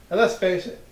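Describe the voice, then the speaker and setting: Animated joking man, echoey room. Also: high-pitched, heavy background noise. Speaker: podcast co-host. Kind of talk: casual wrestling review chat. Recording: echoey room, mic far off.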